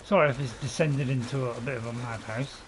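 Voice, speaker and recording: A man's voice: medium pitch, steady tone, fast talker, background noise. A man giving rambling, apologetic let's play commentary as a gaming channel host, chuckling to himself.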